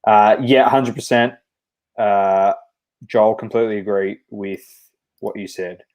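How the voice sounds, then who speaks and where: Low-voiced man reading off game scores. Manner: steady, reads off scores in a brisk list. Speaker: podcast co-host. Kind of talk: casual sports chat.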